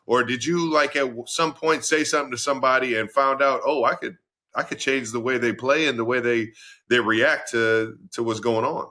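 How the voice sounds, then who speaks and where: Bright-toned easygoing male co-host. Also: medium pitch, steady tone, normal speed. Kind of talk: casual chat, interviewing.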